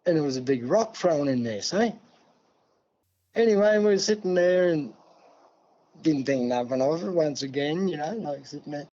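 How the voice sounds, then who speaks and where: An older man from New South Wales with an Australian accent, telling a long story in a relaxed interview and acting out the dialogue. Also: a little high, moderate pace, pauses often. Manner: yarning, acts out dialogue, many "see?" and "mate". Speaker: guest elder. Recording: dull lo-fi sound.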